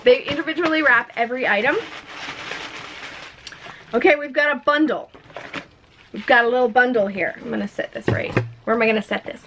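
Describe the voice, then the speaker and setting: A young woman vlogging a makeup unboxing at home in a chatty, excitable, self-mocking way. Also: a little high, a little fast, pauses often, a little hiss or hum. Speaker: beauty vlogger. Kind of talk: casual unboxing vlog. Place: home room with a ring light.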